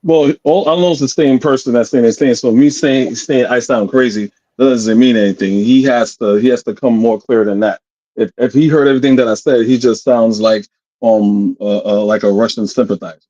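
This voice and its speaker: A man's voice: medium pitch, fairly even intonation, moderate pace, warm tone. Blunt ranting man on a muffled call. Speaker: panelist. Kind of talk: heated livestream panel talk.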